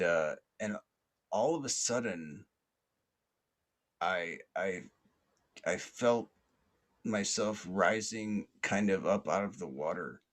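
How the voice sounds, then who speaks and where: A man's voice: low-pitched, a bit bright. A man hosting a podcast, telling a long story in a casual, rambling way, with many fillers and restarts and plenty of swearing. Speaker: podcast host.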